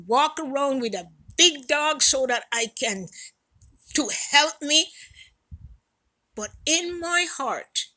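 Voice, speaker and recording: A woman in her sixties speaking straight to her community, emphatic and profane, repeating her phrases and swinging between soft and loud. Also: on the high side, rough recording. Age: 60s. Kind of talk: impassioned direct-to-camera talk.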